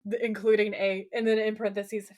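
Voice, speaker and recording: A woman's voice: mid-range voice, level tone, brisk, darkish tone. A woman co-hosting a podcast, casually recapping a TV episode, swearing freely and acting out quoted lines. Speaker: podcast co-host.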